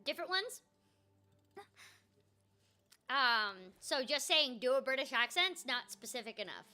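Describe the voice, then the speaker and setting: A woman's voice: high-pitched, very animated, measured pace, bright, forceful tone, faint music behind. A woman voice actor streaming a video game, chatting casually and animatedly with frequent ums and self-mocking asides. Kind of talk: casual gameplay chat.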